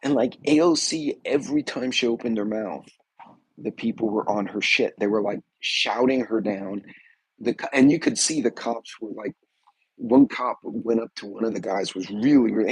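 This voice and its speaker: A low, husky male voice talks in a loose, rambling way on a casual livestream. He keeps breaking off to greet viewers in the chat. The sound is dry and close, with no room around it. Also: normal speed, no echo, rough recording. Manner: rambling, greets chat viewers mid-story, acts out quotes. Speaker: livestream host.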